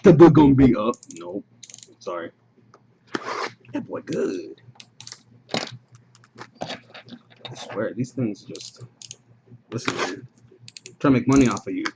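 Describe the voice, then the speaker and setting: A man's voice: mid-range voice, expressive, slow, vocal fry, pauses often. A man hosting a live card break, rattling off player names with casual offhand asides. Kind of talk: casual live-stream chat. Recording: muffled stream audio with noise.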